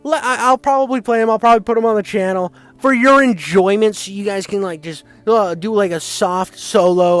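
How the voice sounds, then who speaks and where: A man's voice: high voice, a little fast, few pauses, fairly bright tone, smooth, faint music behind. A young man with a nasal voice giving a crude, rambling, self-mocking video game review. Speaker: gaming YouTuber.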